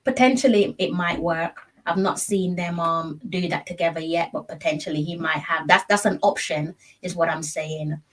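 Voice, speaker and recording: A woman co-hosting a casual sports chat, making her case in a measured, argumentative way. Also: fairly low pitch, far from the mic. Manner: measured, argumentative, explains her point at length. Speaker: co-host.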